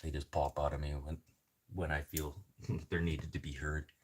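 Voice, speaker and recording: Over a noisy background, a man from Canada chats with his livestream viewers, wandering through stories laced with swearing. His pitch is extremely low with little movement, and his pace is moderate.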